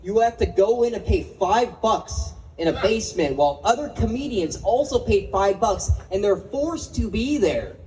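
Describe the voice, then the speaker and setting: A man's voice: high-pitched, animated, moderate pace, hardly any pauses, darkish tone, low-quality recording. A young man doing a stand-up comedy set at an open mic, self-mocking and swearing, laughing at his own jokes.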